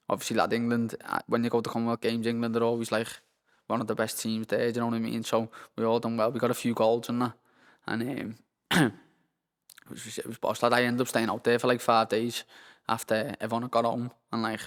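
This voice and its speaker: Young man, Liverpool accent, flat monotone delivery, rambling and sweary, long hall reverb. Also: mid-range voice, fairly quick. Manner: rambling, sweary, says "lad" constantly. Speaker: guest, professional boxer. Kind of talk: casual interview chat.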